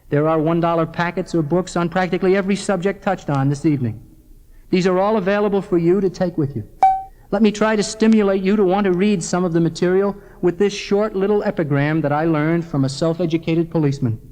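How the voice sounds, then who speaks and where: A man's voice: high-pitched, warm tone. A middle-aged man giving a scripted, earnest persuasive lecture directly to the viewer as the presenter of an organization's film. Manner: earnest, measured address to the viewer. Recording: old 1970s film soundtrack with long reverb.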